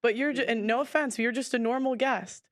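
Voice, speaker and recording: A woman's voice: on the high side, fairly quick, dry recording, clean studio sound. A woman hosting a heated podcast debate, talking firmly and repeating her words when she is cut off. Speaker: podcast host.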